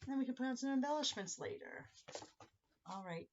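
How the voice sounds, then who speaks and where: A woman's voice: high voice, animated, fairly quick. Lady doing a card-making video, talks you through every step, a bit muffled. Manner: chatty, talks viewers through each step. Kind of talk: casual crafting tutorial.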